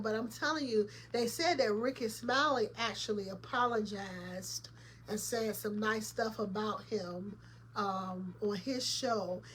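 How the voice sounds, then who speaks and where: A woman host rattling off opinions in a loose, colloquial commentary, speaking directly to her audience. Her voice sits a little high, and there is faint noise under the recording. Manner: chatty, opinionated, laughs often, addresses viewers directly; colloquial, emphatic. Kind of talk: casual commentary vlog.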